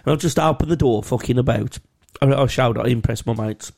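A man's voice: medium pitch, a little fast, hardly any pauses, darkish tone. A man telling a story in casual podcast banter, with lots of swearing and laughter. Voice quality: swears a lot, laughs while telling stories. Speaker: podcast co-host.

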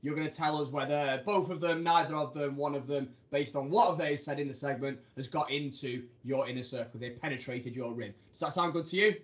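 A man's voice: on the high side, brisk, hardly any pauses, a bit bright. A man hosting a comedy podcast, giggly and teasing as he runs the segment. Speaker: podcast host. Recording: slightly dull lo-fi sound.

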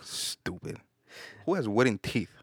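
A man in a casual comedic chat, telling stories in an animated way and breaking into laughter. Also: fairly low pitch, quick pace, vocal fry, no echo, clean studio sound. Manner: animated storytelling, bursts into laughter.

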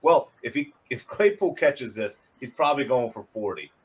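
A man hosting a casual sports show in a mid-pitched voice, walking through plays step by step. He stumbles over repeated words and swears casually. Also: animated, moderate pace, slightly rough. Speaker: host.

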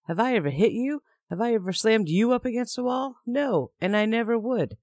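A man's voice: high-pitched, lively intonation, normal speed, a little mellow, dry recording, studio quality, pitched above the performer's own voice. A man voicing a defensive, volatile adult male partner who talks in a raised, accusing, self-pitying way. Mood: pleading.

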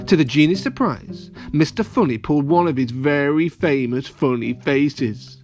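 A man's voice: fairly high pitch, normal speed, hardly any pauses, dull audio, faint music behind. A man reading a children's audio story aloud, playful and talking to the kids directly. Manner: animated, playful, addresses children.

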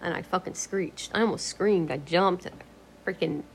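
Woman vlogging at home, rambling chatty talk, swears a lot, slips into whispers, lowish voice, faint room hiss. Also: moderate pace. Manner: chatty, swears freely, laughs often, drifts into whispers. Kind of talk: casual rambling chat.

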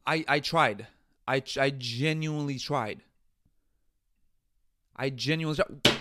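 A man's voice: mid-range voice, lively intonation, a little slow, bright, forceful tone, dry recording, studio quality. A man hosting a podcast, delivering comedic commentary in an exasperated, profane rant. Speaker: podcast host.

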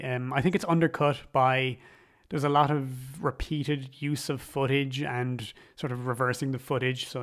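Male film reviewer, middle pitch, chatty and enthusiastic, loose and rambling with restarts. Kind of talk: casual film commentary.

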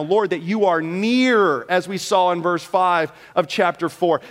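High-voiced pastor preaching with emphasis. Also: male voice, unhurried, few pauses. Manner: emphatic, acts out prayers and quoted talk. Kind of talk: sermon. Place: church.

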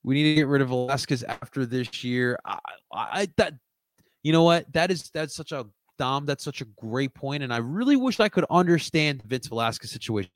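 A young man from Philadelphia hosting a casual sports livestream, rambling and answering his chat, jumping between loud outbursts and low mutters. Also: a little fast, dry recording. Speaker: livestream host.

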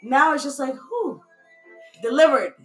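A woman's voice: high-pitched, expressive, unhurried, over music. A woman photographer talking in a playful, boastful, profane way in a casual chat.

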